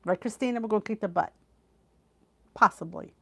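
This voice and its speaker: A weight loss channel host from the Philadelphia area, middle-aged and with a Philly accent, laughs often while chatting with viewers during a live stream. Her mid-range voice is bright and forceful, and she talks fairly quickly.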